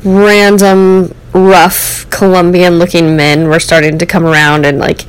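A young American woman hosting the show tells a personal story over a rough recording. Her voice is fairly low, clean in tone, and a little slow with little pitch movement, and she rambles candidly, full of "like" and "um."

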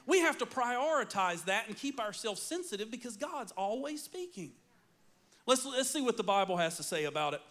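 A man preaching a sermon, telling stories with playful asides and animated delivery. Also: sits high, moderate pace. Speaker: pastor.

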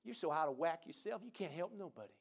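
A man's voice: fairly high pitch, expressive, fast talker, gravelly, pitched below the performer's own voice. A man voicing the devil as a taunting, belittling accuser within a sermon.

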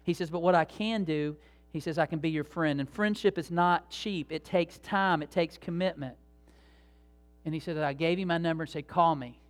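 A man's voice: fairly high pitch, moderate pace. A man preaching a sermon as pastor, in a conversational, folksy way with many fillers and restarts.

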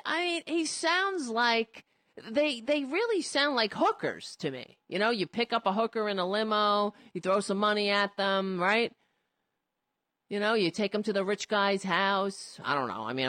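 A woman's voice: mid-range voice, a bit bright, no echo. A woman giving casual political commentary, indignant and sarcastic, rambling with frequent restarts. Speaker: commentary host.

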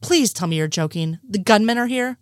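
A woman's voice: medium pitch, animated, fairly quick, dry recording, studio quality, close to an everyday voice. A woman reading the lines of an exasperated male FBI agent in her own voice.

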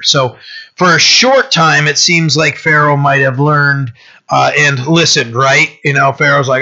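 A man's voice: mid-range voice, normal speed, bright, forceful tone, muffled recording. A man preaching a conversational Bible teaching sermon as a pastor, often checking in with his listeners with "right?" and "you know.".

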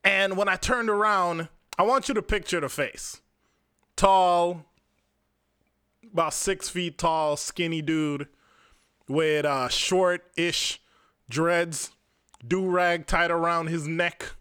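Jamaican guy rambling thru a story on his podcast, unhurried, smooth clear voice, swears a lot. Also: fairly high pitch, fairly even intonation, pushed and bright, no echo, studio quality. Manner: profane, rambling storyteller who talks straight to listeners. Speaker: podcast host. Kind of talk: casual solo storytelling.

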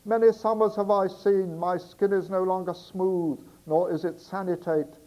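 A man shouting in a blustering voice as a rough, boastful old sailor in a comic poem he reads aloud. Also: high-pitched, fairly even intonation, normal speed, muffled recording, pitched above the performer's own voice, close to an everyday voice.

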